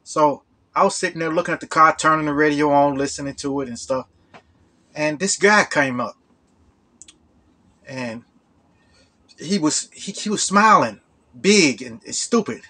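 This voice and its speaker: Husky, bright-voiced man telling a story. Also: fairly high pitch. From Chicago. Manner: rambling, repeats "you know", halting restarts. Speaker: storyteller and channel host. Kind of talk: casual true-story telling.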